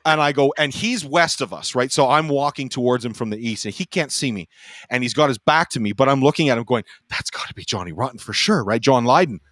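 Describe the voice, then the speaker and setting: A man's voice: medium pitch, no room sound. A man on a roundtable panel telling a casual anecdote, acting out the lines of the people in it and swearing freely. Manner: animated storytelling, acting out quotes, swearing freely.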